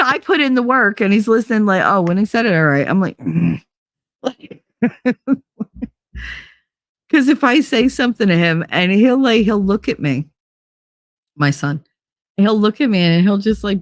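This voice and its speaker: A woman's voice: mid-range voice, no echo. Woman, middle-aged, casual monologue, candid, rambling, acts out quotes, dry close sound. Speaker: podcast host.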